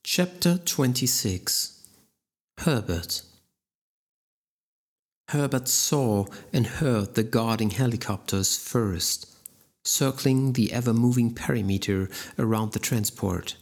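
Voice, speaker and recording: A man narrating an action audiobook in a steady, measured way. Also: medium pitch, husky.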